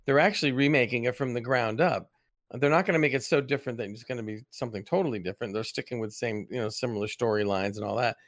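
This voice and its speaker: A man co-hosting a gaming podcast, talking quickly with some hesitant fillers. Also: medium pitch, no room sound, clean studio sound. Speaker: podcast co-host. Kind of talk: casual gaming podcast chat.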